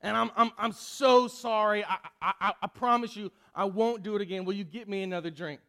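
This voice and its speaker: Role: man playing apologetic customer. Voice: high male. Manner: stammering, pleading, repeating himself. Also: steady tone, a little fast, a bit bright.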